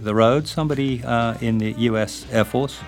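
A man's voice: mid-range voice, moderate pace, faint music behind. Older Englishman, interview guest, digressive and self-mocking. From England. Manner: rambling, self-deprecating, many fillers. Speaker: guest, writer. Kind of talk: interview with reading.

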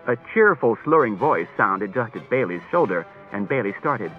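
A man reads a novel aloud as audiobook narration, with a lively, varied delivery. The sound is thin and phone-like, as from an old cassette, with faint music behind him. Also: medium pitch, normal speed, few pauses. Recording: tinny narrow-band cassette tape, faint music.

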